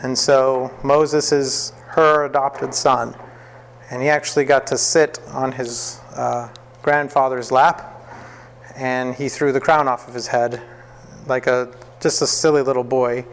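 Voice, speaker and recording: A man teaching a classroom Bible lesson, telling the story in a lively way, acting out the quotes and often laughing. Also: mid-range voice, unhurried, a little hiss or hum.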